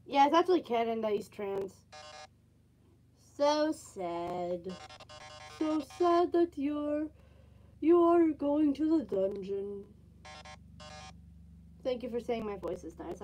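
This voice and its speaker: A woman's voice: a little high, lively intonation, slow pace, pauses often, dark tone, faint music behind, poor audio. A woman streaming a game, chatting casually and teasing with her viewers. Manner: giggly, teasing chat. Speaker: gaming streamer. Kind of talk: casual gameplay commentary.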